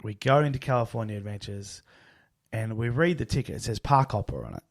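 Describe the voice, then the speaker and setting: A man's voice: fairly low pitch, a little fast, gravelly. A man, co-hosting a podcast and casually telling a travel story, acting out quoted lines. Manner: relaxed, acts out quoted dialogue. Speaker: podcast co-host.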